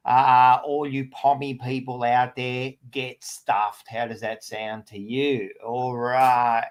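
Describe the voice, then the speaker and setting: A man's voice: mid-range voice, level tone, takes it slowly. An Australian man hosting a casual football podcast with his mates. He talks bluntly and swears often. He teases the others as he goes. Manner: blunt, swears freely, teasing. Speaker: podcast host. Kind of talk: casual sports chat.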